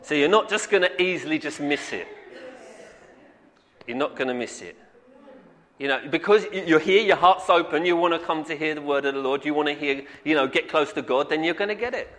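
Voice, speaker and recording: Man, sermon, earnest and repetitive, slightly raised pitch, long church-hall reverb. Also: brisk, fairly bright tone. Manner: earnest, repetitive, calls out "amen". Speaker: pastor.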